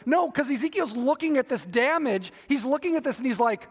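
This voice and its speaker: A very high-pitched man preaches a sermon, circling back over each point and checking in with rhetorical questions. His voice carries a long reverb from a large hall. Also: expressive, normal speed, hardly any pauses, a bit bright. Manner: repeats and rephrases for emphasis, asks rhetorical questions.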